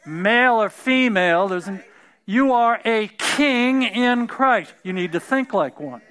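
An older man, fifties or beyond, preaches a sermon in an extremely high, animated, smooth and slightly bright voice, taking his time. He stretches out his emphatic points, drops in casual folksy asides, and laughs during his own anecdotes.

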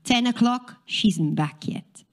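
A woman's voice: on the high side, expressive, a little slow. A woman telling a dramatic story to an audience, drawing listeners in with questions.

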